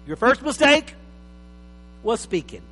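A man preaching a sermon as pastor, emphatic, swinging between loud and soft. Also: extremely high pitch, very animated, slow pace. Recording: reverberant hall with faint mains hum.

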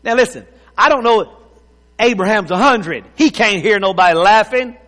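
A man's voice: high-pitched, moderate pace, bright, forceful tone. A man preaching a sermon, in a folksy, playful way, laughing and joking with the congregation. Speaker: pastor. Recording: long hall reverb.

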